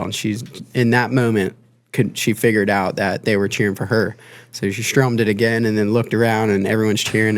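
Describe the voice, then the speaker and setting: A man with a lowish voice chats loosely on a podcast, wandering through his thoughts with plenty of ums and restarts. The sound is dry and close, with no room around it. He talks like a band member telling stories in a studio. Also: no room sound. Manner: rambling, with many fillers and restarts. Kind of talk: casual podcast conversation.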